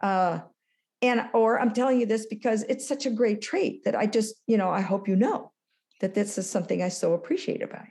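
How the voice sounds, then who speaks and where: A woman in her sixties, a guest in an interview, telling a story with lively acted-out dialogue. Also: mid-range voice, brisk. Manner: animated storyteller, acts out dialogue. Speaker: guest, former business school lecturer.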